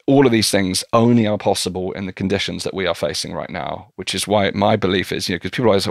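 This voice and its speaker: A man with a low, gravelly voice talks earnestly as a podcast guest. He often breaks off and restarts his phrases. The sound is close and dry, with no room echo. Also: quick pace, hardly any pauses. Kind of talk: casual conversation.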